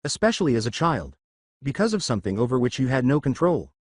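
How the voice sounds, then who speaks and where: A man reading the lines of a gentle, grieving tribal mother in a soft, plain way. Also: mid-range voice, big pitch swings, fast, slightly rough, no room sound, studio quality. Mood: sad.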